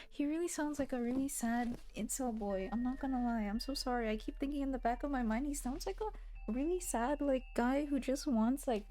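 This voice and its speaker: A woman's voice: high voice, normal speed, warm tone. A young woman streamer narrating and chatting casually between voiced lines, with giggly, self-mocking asides. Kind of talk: voice-acting stream commentary.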